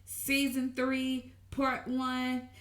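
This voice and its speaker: A woman giving an excited, gushing TV recap to her viewers, calling them honey and y'all in an animated way. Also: high voice, drawn-out words, slight background noise. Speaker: TV recap vlogger. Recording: roomy echo.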